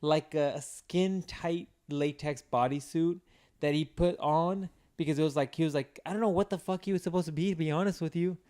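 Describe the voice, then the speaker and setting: A podcast co-host with a slightly high, brisk male voice chats casually, spinning rambling, profane stories packed with fillers. His storytelling is animated throughout.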